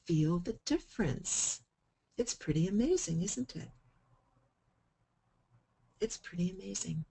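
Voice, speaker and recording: Lady coaching a group on self-talk, kinda husky low-ish voice, gets loud and playful sometimes. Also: lively intonation, takes it slowly, rough recording. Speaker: self-help speaker.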